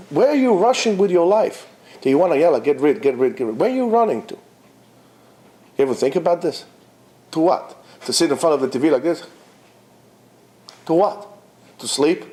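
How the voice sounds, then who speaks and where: A man's voice: fairly high pitch, dark tone. A man, a rabbi giving an informal, exhortative Torah talk to students, mixing in Hebrew terms. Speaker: rabbi teaching at a yeshiva.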